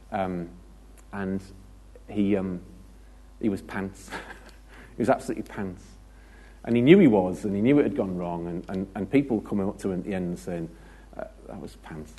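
A man's voice: fairly low pitch, mellow, husky. A British man preaching a conversational sermon, chatty and joking, with anecdotes and asides to the congregation.

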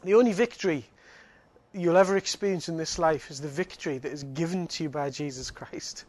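High-voiced preacher telling stories. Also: male voice, fairly quick, dry recording. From Northeast England. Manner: laughing, animated storyteller with frequent restarts. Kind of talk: sermon with a personal story.

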